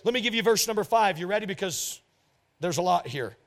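A man's voice: high-pitched, animated, a little fast. A man preaching a sermon as a pastor, emphatic and repetitive, often acting out quoted voices. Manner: emphatic preaching, repeats phrases, mimics couples in quotes.

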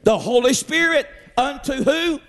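A man preaches with fervor, his phrases rising into half-sung cries and shouts. His voice sits very high and carries a gravelly edge. The sound rings through a large hall with faint music underneath. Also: measured pace. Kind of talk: sermon. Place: church.

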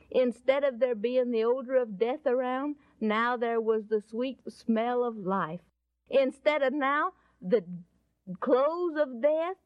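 A woman narrating a Bible story in a folksy, expressive way and appealing to the listener. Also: on the high side, no echo. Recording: dull lo-fi recording.

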